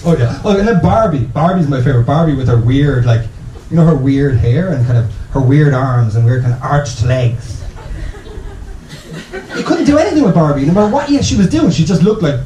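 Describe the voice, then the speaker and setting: A man's voice: a little high, expressive, a little fast, mellow, reverberant, a little hiss or hum, poor audio. An Irish man in his thirties doing a rambling, self-interrupting stand-up comedy set in a small bar venue. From Ireland.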